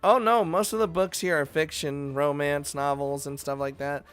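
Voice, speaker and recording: A man's voice: a little high, fairly even intonation, normal speed, fairly bright tone, clean tone, soft background music, voice pushed up, close to an everyday voice. A man voicing a dry, practical young woman. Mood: matter-of-fact. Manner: matter-of-fact, lightly teasing.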